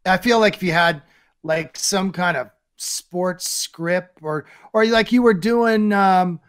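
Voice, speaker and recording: A man's voice: high-pitched, takes it slowly, smooth. A man co-hosting a comedy podcast, talking casually and hesitantly with many restarts and fillers. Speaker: podcast co-host. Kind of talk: casual chat.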